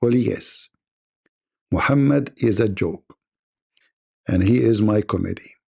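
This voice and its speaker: A man's voice: fairly low pitch, slow, vocal fry, mellow, slightly rough. A man hosting a livestream debate, delivering a mocking, combative monologue.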